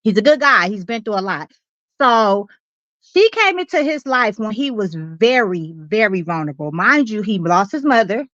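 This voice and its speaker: A woman caller speaking in an animated, opinionated and slangy way about a celebrity breakup. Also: mid-range voice, moderate pace, dry recording, highs cut off. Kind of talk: call-in radio chat.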